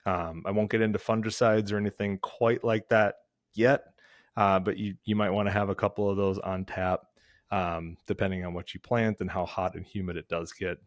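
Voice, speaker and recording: A man with a fairly low voice walks through lawn care steps in a relaxed, chatty way. He leans on filler words and restarts as he explains. The sound is dry and close. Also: moderate pace, no room sound. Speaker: lawn care podcast host. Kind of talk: casual instructional talk.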